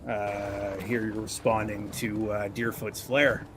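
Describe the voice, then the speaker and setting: A man voicing a gruff, stern older male commander who speaks in clipped, authoritative orders. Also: fairly low pitch, flat delivery, takes it slowly, a bit bright, faint music behind, voice pushed down.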